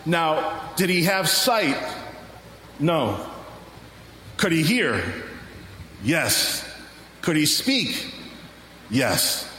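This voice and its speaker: Male pastor, fairly high, forceful voice; emphatic sermon delivery with rhetorical questions. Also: very animated, very slow, long pauses, a little hiss or hum. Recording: roomy hall reverb, faint ambience.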